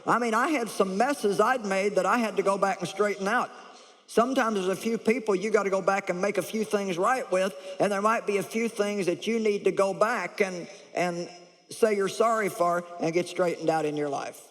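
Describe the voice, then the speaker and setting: A woman preaching a lively sermon, blunt and humorous, chuckling as she teaches. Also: mid-range voice, moderate pace. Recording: echoey large hall.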